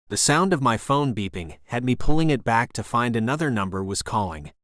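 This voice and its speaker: A man's voice: medium pitch, lively intonation, brisk, hardly any pauses, fairly bright tone, no room sound. Man narrating an audiobook, dry sound. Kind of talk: first-person audiobook narration.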